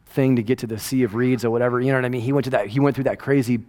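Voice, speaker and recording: Racing along in a mid-range voice, a middle-aged man preaches an animated, rambling sermon with a casual, conversational feel. This pastor keeps asking "right?" and shifts from loud emphasis into hushed asides.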